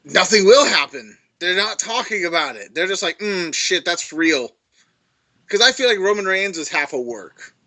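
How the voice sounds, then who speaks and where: A man co-hosting a podcast in casual chat, blunt, sarcastic and quick to swear. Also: high-pitched, sing-song, pushed and bright. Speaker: podcast co-host.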